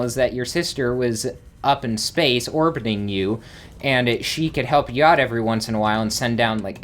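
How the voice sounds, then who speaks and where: A man's voice: mid-range voice, a bit bright, a little hiss or hum. A man hosting a let's play, giving rambling gameplay commentary and thinking aloud with small exclamations.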